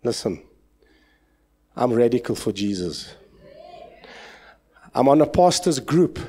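In a church, a pastor with a South African accent preaches with real passion, veering between loud exclamations and murmured asides.

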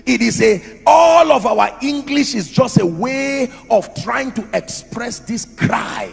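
A man's voice: extremely high pitch, lively intonation, takes it slowly, gravelly, few pauses. A man preaching a sermon in an emphatic style, asking the crowd rhetorical questions. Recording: echoey hall with music under.

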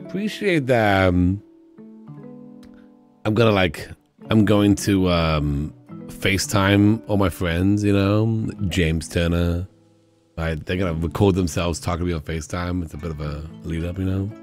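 A man's voice: low-pitched, measured pace, faint music behind. A young man streaming a game, chatting casually with many fillers and frequent laughter.

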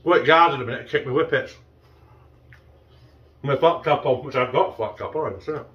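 A man's voice: mid-range voice, a little fast, highs cut off. A middle-aged man with a northern English accent reviewing a frozen pizza in a casual vlog, chatty and swearing freely, sometimes talking with his mouth full. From northern England. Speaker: food review vlogger.

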